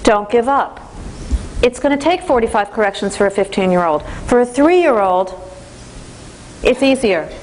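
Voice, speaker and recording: A woman giving a parenting training lecture in an animated way, acting out the voices of teens and parents. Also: a little high, moderate pace, long pauses, slight background noise.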